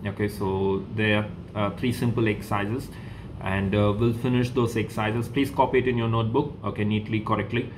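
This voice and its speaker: A man's voice: fairly low pitch, level tone, fairly quick, noisy background. A man teaching a French lesson to a school class, patient and repetitive, saying okay between steps. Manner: patient, repeats each example, says okay often.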